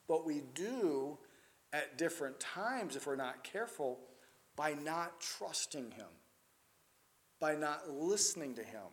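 A man's voice: a little high, expressive, moderate pace. Emphatic man preaching a sermon. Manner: swings from loud emphatic to quiet intense.

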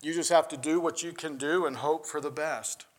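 Man, pastor preaching, earnest, rises to emphatic peaks; higher-pitched. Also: fairly even intonation, moderate pace. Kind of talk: sermon.

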